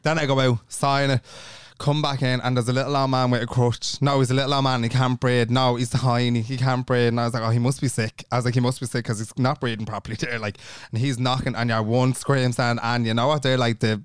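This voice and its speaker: A man's voice: medium pitch, fast, clear, resonant tone, no echo, clean studio sound. A young Irish man co-hosting a podcast, telling a long story in casual chat, acting out the people in it and swearing freely. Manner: animated, acts out every voice in his story, swears freely. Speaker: podcast co-host.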